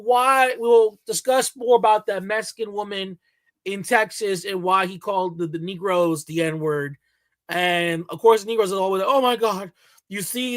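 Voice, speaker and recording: A man's voice: high-pitched, fairly bright tone. A man hosting a reaction channel, delivering heated, mocking commentary with lots of repetition.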